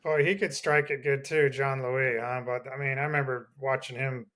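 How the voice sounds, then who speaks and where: A man's voice: mid-range voice, steady tone, normal speed, fairly bright tone. A man hosting a podcast, asking his guest eager, friendly questions in casual chat. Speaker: podcast host.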